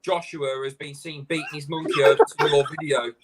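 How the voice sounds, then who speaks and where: A man with a fairly high voice, ranting in loose, animated chat on a live stream. He swears freely. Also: heavy background noise. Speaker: host.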